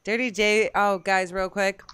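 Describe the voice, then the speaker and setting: A woman hosting a casual gaming podcast, bubbly and quick to tease her co-hosts. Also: medium pitch, fairly even intonation, a bit bright, smooth. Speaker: podcast host.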